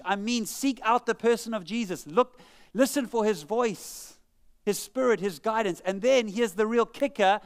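This is a high, clean-toned male voice belonging to a pastor giving a church sermon. He keeps it conversational and funny, often poking fun at himself.

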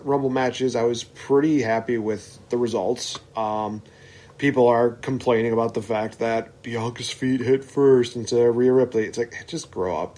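A man's voice: mid-range voice, a little mellow. A man talking as a podcast guest, giving firm opinions in a casual chat. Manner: opinionated, dismissive of complainers.

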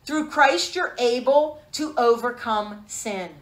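Woman preacher, high voice, emphatic sermon delivery, echoey room. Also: takes it slowly. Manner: emphatic, calls for amens, rhetorical questions.

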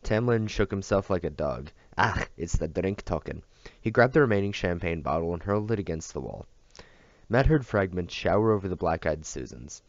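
A man reading a novel aloud at a steady pace, with small slips and restarts, on a dull, dry recording. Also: low-pitched, fairly quick, no echo. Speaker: audiobook reader.

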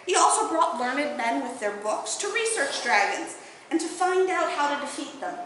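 Expressive woman storyteller in an echoey hall. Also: high voice, normal speed, background noise. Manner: expressive, lilting. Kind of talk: oral storytelling at a bardic gathering. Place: indoor event hall, live audience.

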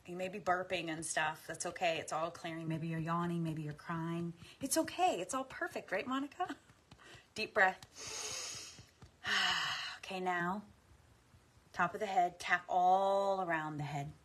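A woman guiding a tapping meditation, speaking affirmations slowly and softly with deep sighs between them. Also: a little hiss or hum. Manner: slow, soft and soothing, with frequent deep sighs. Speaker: guided tapping practice leader.

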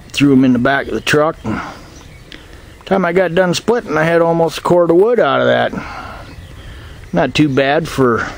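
An older man, chatting casually and roughly as he films his farm with a handheld camera. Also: a little high, a little hiss or hum. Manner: folksy, rough-spoken, calls out to animals. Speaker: homesteader filming his farm. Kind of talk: casual chat. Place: outdoors and in a barn and chicken house.

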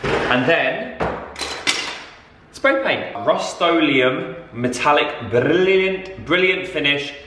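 A young man vlogging a DIY project, loud, excitable and over the top. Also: fairly high pitch, takes it slowly, roomy sound. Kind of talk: chatty DIY vlog.

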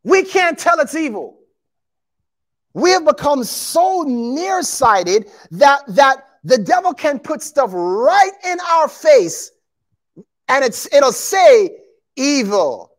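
Speaking very high and slow, a man preaches a sermon to his congregation, calling them beloved and y'all. He's animated and emphatic, acting out quotations and calling out to his listeners.

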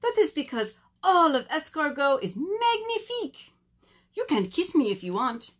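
A woman's voice: high-pitched, big pitch swings, normal speed, fairly bright tone, pitched above the performer's own voice. A woman putting on a vain French boy snail. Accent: put-on French. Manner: grand, showy, self-admiring. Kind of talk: picture book read-aloud.

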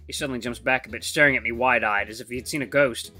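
A game streamer reading the narration of a visual novel aloud in a lowered, steady voice. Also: fast, soft background music.

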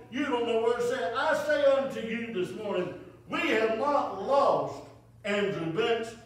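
A man preaching a funeral sermon as pastor, rising to emphatic calls and dropping to soft, quiet lines. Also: very high voice. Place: church sanctuary. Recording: echoey church from far off.

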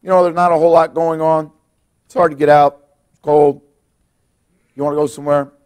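A middle-aged man preaches a sermon to his congregation in a church. His voice sits a little higher than most men's. He moves between quiet, hushed lines and loud, emphatic ones. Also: little pitch movement, brisk, smooth. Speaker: pastor. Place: church sanctuary.

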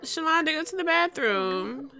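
A woman's voice: high voice, lively intonation, moderate pace, bright, forceful tone. A young woman giving chatty, slangy commentary while playing a life-sim game, laughing often. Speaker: let's play host.

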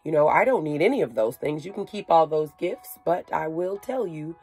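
A woman voicing a humble, wise prophet in a calm, plain way. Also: low voice, moderate pace, breathy edge, dry recording, faint music behind, full character voice.

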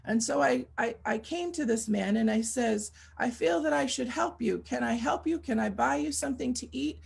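Gravelly high-voiced woman preaching. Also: normal speed, darkish tone. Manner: earnest, repetitive, builds to fervent pleading. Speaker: guest speaker. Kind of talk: testimony preaching.

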